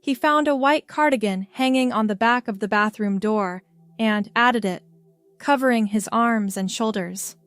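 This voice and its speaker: Woman narrator for a story reading, slow and calm, dry close recording over faint background music. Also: on the high side, no room sound.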